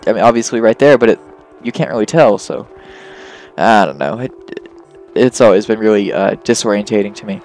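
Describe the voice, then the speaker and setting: A man's voice: medium pitch, a little mellow, low-quality recording. A young man casually commenting on a video game, reading its dialogue aloud in his own voice and adding joking, rambling asides. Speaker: let's play host. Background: faint game music.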